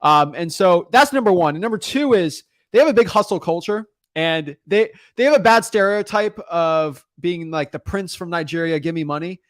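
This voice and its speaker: A man hosting a podcast in casual chat, energetic and emphatic, rambling with frequent restarts. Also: sits high, normal speed, hardly any pauses, dry recording, clean studio sound. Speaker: podcast host.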